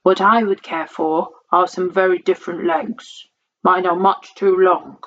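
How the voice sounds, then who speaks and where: A woman's voice: fairly low pitch, fairly even intonation, a bit bright. A woman doing a gloomy, sighing very tall man. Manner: slow, sighing and mournful. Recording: dull lo-fi recording.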